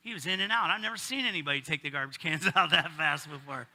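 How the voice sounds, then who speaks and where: Middle-aged pastor guy, high voice, super bright, cracks jokes and chats with the crowd mid sermon. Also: fast talker. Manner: casual, joking, talks with the congregation.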